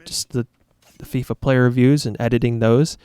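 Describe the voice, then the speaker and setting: A man's voice: medium pitch, steady tone, normal speed, darkish tone, smooth, no room sound, clean studio sound. A man talking to his viewers as a YouTuber in a casual, reflective monologue, earnest, rambling and self-critical.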